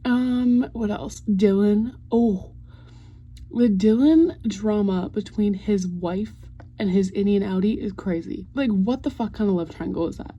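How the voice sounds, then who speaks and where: A woman's voice: mid-range voice, unhurried, breathy edge, lo-fi sound. A young woman casually chatting to camera at home in a video diary, rambling through a fan rant and swearing freely. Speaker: vlogger. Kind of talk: casual vlog chat.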